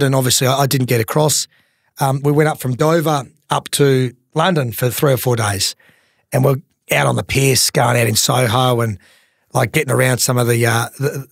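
A man's voice: mid-range voice, creaky, no room sound. Laid-back Australian man, dry close mic. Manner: laid-back, self-mocking, larrikin. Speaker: racing tipster and storyteller. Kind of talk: casual podcast chat, telling stories.

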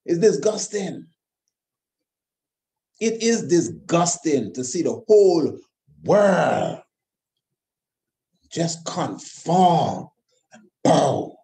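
A man's voice: on the high side, lively intonation, slow, vocal fry, long pauses, mellow. A man delivering an impassioned monologue, emphatic and repetitive, firing rhetorical questions. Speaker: host of his own channel.

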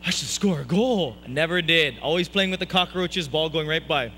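Bright, high-voiced joking preacher. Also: male voice, brisk, a little hiss or hum, low-quality recording. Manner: playful, self-mocking, jokey asides. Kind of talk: humorous sermon storytelling.

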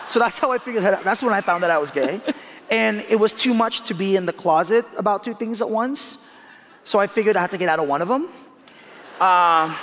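A man from the Philippines in his thirties, talking in an onstage interview, animated, laughing often and repeating words as he restarts. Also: high-pitched, slight background noise. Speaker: guest speaker. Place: large hall on stage. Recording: hall reverb.

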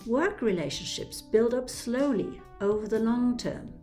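Here a woman from Germany, accented in German, explains concepts as a trainer in a lecture, carefully and methodically, illustrating with examples. Her voice is a little high and a little mellow, with lively intonation and a measured pace, and music plays faintly behind her.

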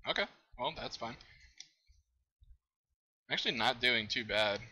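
Young male gamer, bright tense voice, excitable casual commentary. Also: medium pitch, unhurried, slightly rough, poor audio. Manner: excitable, exclaims and laughs at the game. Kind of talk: let's play commentary.

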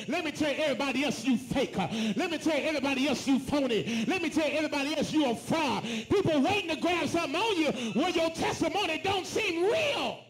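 High-voiced man preaching in an echoey church. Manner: preaching with call and response, shouting at peaks. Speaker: pastor. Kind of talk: sermon. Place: church sanctuary.

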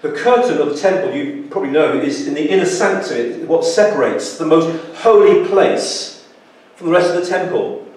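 A man's voice: a little high, lively intonation, normal speed, darkish tone. A man preaching a sermon in a church, earnest, with frequent restarts and sudden emphatic exclamations. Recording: echoey church hall, distant mic.

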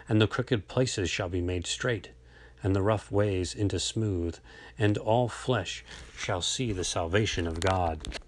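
A man reading an old religious text aloud in a slow, measured, solemn way, now and then stumbling over a word. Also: sits low, dry recording. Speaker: reader.

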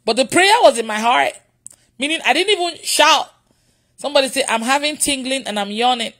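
Woman preacher, livestream prayer, often laughing, higher voice, repeats phrases. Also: brisk, fairly bright tone.

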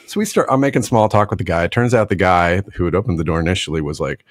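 On a podcast, a middle-aged man with a deep voice tells a story at a quick pace, laughing a lot and mimicking the other people in it with a put-on drawl. There's no room sound.

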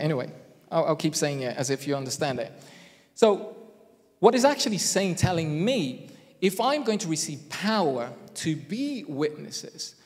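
Man preaching in a reverberant church hall. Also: fairly high pitch. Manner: conversational, self-deprecating asides; deliberate, emphatic phrasing. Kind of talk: sermon.

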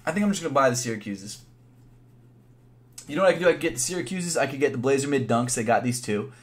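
A young man chatting casually on a live stream, thinking out loud in a laid-back way with plenty of fillers. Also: mid-range voice, lively intonation, fast. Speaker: sneaker YouTuber live streaming.

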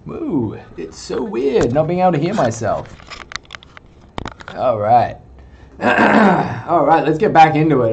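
A man's voice: on the high side, a little hiss or hum. A man streaming to his viewers in goofy, hyped chatter through a cheap webcam mic, swearing, laughing and whooping.

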